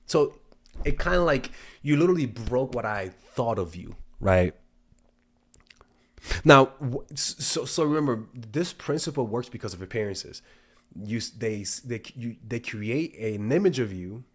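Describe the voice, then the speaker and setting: A young man giving casual dating advice, swearing freely and often restarting his sentences. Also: mid-range voice. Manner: profane, storytelling, frequent restarts and stumbles. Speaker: dating coach. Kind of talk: casual talking-head advice.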